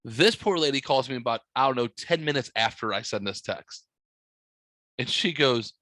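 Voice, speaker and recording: A man's voice: mid-range voice, lively intonation, normal speed, pushed and bright, no room sound, poor audio. A young man hosting a podcast, telling a story in a joking, profane, smart-aleck way. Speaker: podcast host. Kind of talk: casual storytelling.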